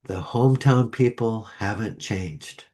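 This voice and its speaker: A man delivering a sermon to a congregation with a slow, measured delivery and deliberate pauses. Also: lowish voice, dark tone. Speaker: lay speaker. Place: church sanctuary.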